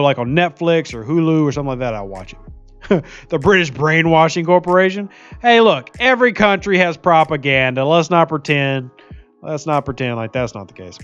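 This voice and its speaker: Guy streaming a game, chatty and laughing a lot, reading chat out loud, kinda higher voice. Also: muffled recording. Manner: chatty, jokey, laughs often, reads viewer comments aloud. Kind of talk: casual live-stream chat while playing.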